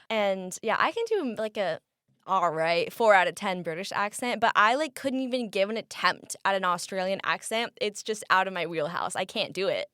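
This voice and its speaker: A woman's voice: medium pitch, sharp tone, clean tone, no echo, studio quality. A woman in her twenties from the United States, chatting casually as a podcast guest, bubbly with frequent ums. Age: 20s. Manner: bubbly, laughs often, many ums. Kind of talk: casual interview chat.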